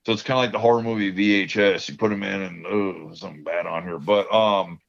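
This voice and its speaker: A man's voice: low voice, steady tone, quick pace, gravelly. A man telling rambling stories in casual podcast chat, laughing often. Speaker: podcast co-host. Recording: dull lo-fi sound.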